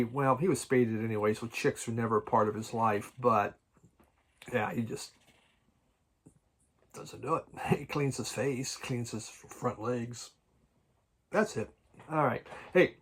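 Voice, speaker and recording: A man chatting casually about his record collection at home, halting and restarting often and chuckling now and then. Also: mid-range voice, a bit bright, slightly rough. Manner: halting, many restarts and repeated words. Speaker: vinyl record collecting vlogger. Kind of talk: casual rambling chat.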